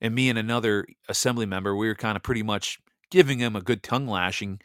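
A man's voice: on the low side, fast, smooth, no echo, studio quality. A man hosting a Bible reading show, delivering a heated, blunt monologue and stumbling over repeated words when he gets worked up. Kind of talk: impassioned political monologue.

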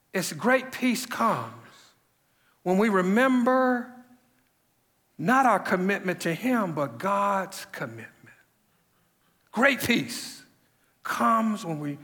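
A man's voice: high-pitched, pushed and bright, long reverb tail. A man preaching a sermon to a congregation, repeating phrases and rising to emphatic peaks. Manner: preaching with repetitions and emphatic rises. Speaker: pastor.

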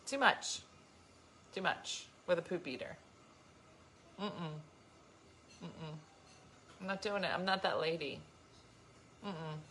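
A woman vlogger chatting casually to her viewers and reading their comments, telling stories with emphatic, animated delivery. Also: lowish voice, slow pace, long pauses, a little hiss or hum.

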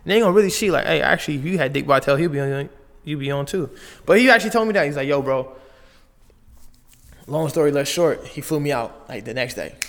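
A man's voice: fairly high pitch, lively intonation, quick pace, creaky, a bit bright, big-room sound. A young man from Las Vegas, a basketball player telling his story in loose, slangy casual talk full of fillers and restarts. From Las Vegas, USA.

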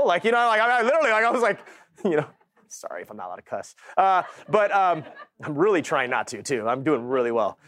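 A man in middle age with a slightly high voice gives a talk at a sales summit. He is slangy and animated and acts out the quoted dialogue. The sound is dry and close to the mic. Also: quick pace, no room sound. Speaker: real estate agent giving a talk. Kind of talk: energetic motivational storytelling.

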